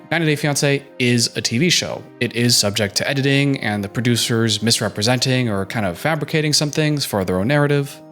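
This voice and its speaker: A man's voice: mid-range voice, a bit bright. Male reality-TV recapper, sassy and joking, casual delivery, light music bed underneath. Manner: sassy, joking asides with mock voices. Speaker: reaction commentator.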